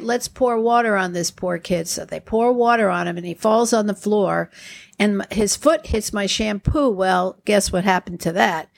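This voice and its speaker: Woman in her sixties, podcast host, casual anecdotes, gravelly tone. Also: medium pitch. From Long Island, New York. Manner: chatty, animated anecdotes with acted-out quotes. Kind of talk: casual storytelling.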